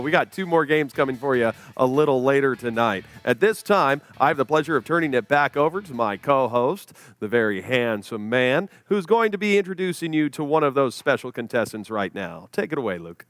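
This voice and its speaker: A man's voice: on the high side, lively intonation, fairly quick, fairly bright tone, soft background music. A man hosting a charity gala livestream, calling a party game play-by-play and laughing between lines. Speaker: gala host. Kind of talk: livestream emcee, game commentary.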